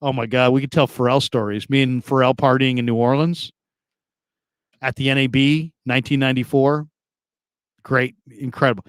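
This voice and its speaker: Radio host, male, rambling and chatty, mid-pitch voice, dry close mic. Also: steady tone, moderate pace, clean tone, no echo. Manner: loose and rambling, repeats himself, laughs often. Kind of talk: casual chat reading listener comments.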